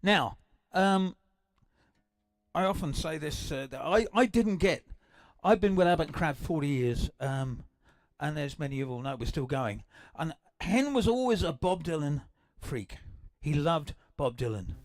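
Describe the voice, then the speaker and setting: An older English man hosting a livestream, chatting in a rambling, excitable way with many restarts between songs. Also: fairly high pitch, measured pace, no echo. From England. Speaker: livestream host and guitarist. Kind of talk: casual chat between songs. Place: home livestream. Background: acoustic guitar.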